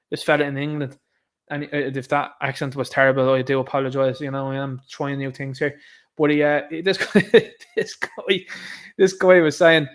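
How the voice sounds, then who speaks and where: A man's voice: on the high side, steady tone, moderate pace. Sarcastic Dublin man ranting on stream. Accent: Irish, Dublin. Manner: sarcastic, mocking, laughs often. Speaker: streamer, host. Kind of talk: casual livestream rant commentary.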